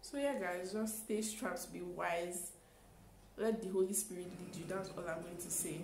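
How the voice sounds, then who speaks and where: A young woman, telling a storytime in an animated, exclaiming way with acted-out quotes. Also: lowish voice, moderate pace, echoey room, noisy background. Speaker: vlogger. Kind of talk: storytime vlog.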